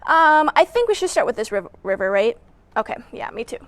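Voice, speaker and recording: Brisk, very animated and a bit bright, this woman's fairly high voice carries a children's story time full of movement exercises. She encourages the young kids playfully, speaking to them directly, and fills gaps with hummed sound effects and laughter.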